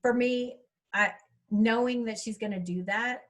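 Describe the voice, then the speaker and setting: Her voice is a little high and a little slow as this middle-aged author talks casually and meanderingly about her audiobook. The setting is a writers' workshop on a video call, recorded with poor audio.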